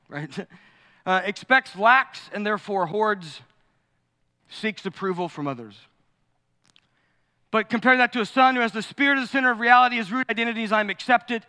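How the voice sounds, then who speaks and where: A middle-aged man preaching a sermon as pastor, animated and acting out quoted voices. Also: high voice. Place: church sanctuary. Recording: long hall reverb.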